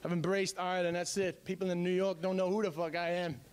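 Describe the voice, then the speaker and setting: A man doing stand-up comedy, telling stories in a brash, animated way with sudden shouts. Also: high voice, fast talker, clear, resonant tone. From United States. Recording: noisy live stage recording.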